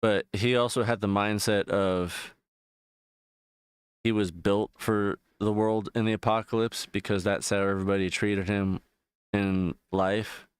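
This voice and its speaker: Low, smooth-voiced male streamer rambling. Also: level tone, a little slow, no room sound, studio quality. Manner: rambling, profane, loose retelling with frequent fillers. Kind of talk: casual chat while gaming.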